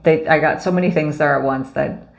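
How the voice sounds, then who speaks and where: A woman with a low, gravelly voice talks through an oracle card reading in a casual way. She gushes over each card and fills her talk with ums and restarts. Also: fairly even intonation, a little fast. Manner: effusive, gushing, frequent fillers. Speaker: spiritual card reader.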